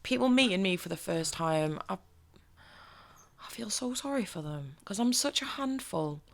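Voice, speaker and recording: A woman's voice: mid-range voice, moderate pace, gravelly. A young woman, chatting theatrically and acting out quotes as a podcast co-host. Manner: lively, theatrical, swears, acts out quotes. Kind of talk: casual chat.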